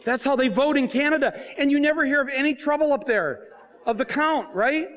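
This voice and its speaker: An author and filmmaker tells comic stories to a live audience on a book fair stage, speaking a little fast in a very high voice. He jokes animatedly, acts out scenes and voices, and often breaks into laughter.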